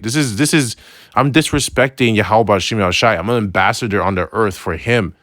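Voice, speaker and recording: A man with a lowish voice gives a relaxed Bible lesson, reading verses and then explaining them in loose, slangy talk. He keeps asking "right?" as he goes, and the recording is dry and close. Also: fairly quick, no room sound. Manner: slangy, loose phrasing with restarts. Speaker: religious teacher.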